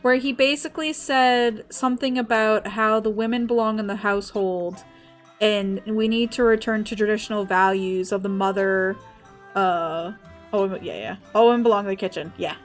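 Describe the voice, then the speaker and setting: A woman's voice: medium pitch, fairly even intonation, moderate pace, soft background music. A young woman from the States, chatting casually as a game streamer, laughing often and swearing freely. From Southern United States. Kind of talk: casual chat while gaming.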